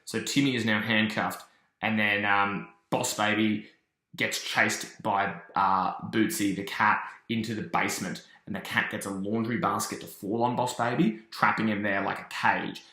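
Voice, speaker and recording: A man casually recapping and reviewing a cartoon episode, telling it as an animated story with quick asides. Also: fairly low pitch, echoey room.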